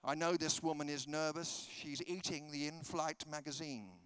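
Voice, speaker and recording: A man's voice: on the high side, moderate pace, fairly bright tone, clean tone. A British man preaching a humorous sermon, telling stories and acting out the dialogue in comic voices. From Britain. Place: conference hall.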